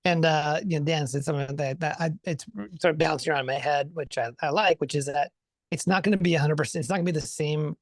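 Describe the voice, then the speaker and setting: A man speaking as a guest on a podcast, thinking out loud in a friendly, rambling way. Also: a little high, fairly even intonation, fast, no echo, clean studio sound. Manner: thinks aloud with many fillers and restarts, upbeat. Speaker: podcast guest, consultant and author. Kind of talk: casual conversational interview.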